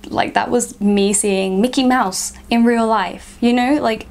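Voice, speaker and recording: A woman's voice: on the high side, steady tone, a little slow, few pauses, darkish tone. A young woman, chatting casually to camera in a vlog and filling her sentences with "like". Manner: chatty, frequent "like" fillers. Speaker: vlogger.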